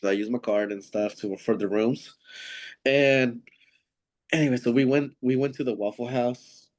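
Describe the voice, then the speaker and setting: In a relaxed interview, a wrestler from Seattle, USA, rambles through anecdotes, acting out what people said and filling his speech with fillers. He speaks at a normal speed in a mid-range voice with fairly even intonation.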